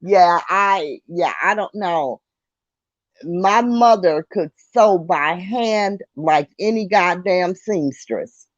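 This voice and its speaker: A woman's voice: lowish voice, takes it slowly, no room sound, dull audio. An older woman hosting a casual online talk show, reading viewer comments and chatting with light laughter and mild swearing. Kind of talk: casual chat.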